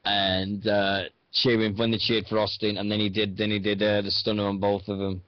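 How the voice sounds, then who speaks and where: A man's voice: on the low side, level tone, moderate pace, dry recording. A man hosting a radio show, chatting casually about wrestling in a rambling, hesitant way. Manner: rambling, hesitant with many fillers. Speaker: radio host. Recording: dull dry sound.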